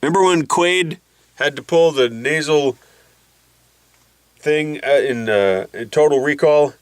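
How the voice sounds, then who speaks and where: A man's voice: a little high, a little slow, clear, resonant tone, dry recording. A man telling a rambling, jokey vlog story with his nose packed by a balloon, putting on voices as he goes. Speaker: vlogger.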